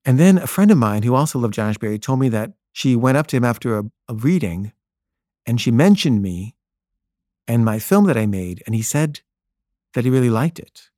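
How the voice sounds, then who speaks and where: Male filmmaker, earnest anecdotal delivery with stammered restarts, medium pitch, dry close recording. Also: expressive, fairly quick, mellow, dry recording. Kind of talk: personal anecdote storytelling.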